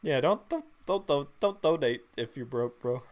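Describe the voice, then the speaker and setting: A man's voice: medium pitch, lively intonation, moderate pace, darkish tone. A young man hosting a casual livestream, joking in slangy, laid-back talk and thanking viewers for donations. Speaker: host.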